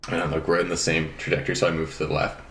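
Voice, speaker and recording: A man's voice: very deep voice, flat delivery, very fast. A man telling a story in casual chat, swearing freely and laughing through the funny parts. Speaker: podcast guest. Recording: roomy with clear background noise.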